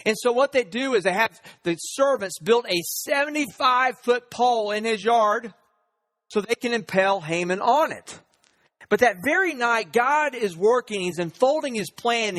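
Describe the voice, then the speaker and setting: Man, pastor, sermon, high voice, lively storytelling, voices the characters. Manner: storytelling, acting out the characters' lines.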